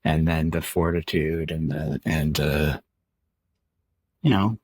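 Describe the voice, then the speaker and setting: A man's voice: very deep voice, steady tone, takes it slowly, a little mellow, a little hiss or hum. A middle-aged man and father, a podcast guest, talking earnestly and thoughtfully with many restarts. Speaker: guest, former Olympic athlete. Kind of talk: reflective conversational interview.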